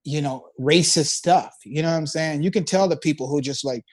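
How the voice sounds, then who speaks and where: High pitched guy rambling in casual chat, lots of you know what im saying. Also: brisk, hardly any pauses. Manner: laughs often.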